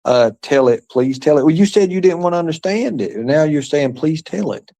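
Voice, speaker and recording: A man's voice: on the high side, animated, a little fast, dark tone. A man hosting a livestream, rambling and taunting as he answers chat comments, with profanity and muttered asides. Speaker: livestream host. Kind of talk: rambling live-stream chat reading comments.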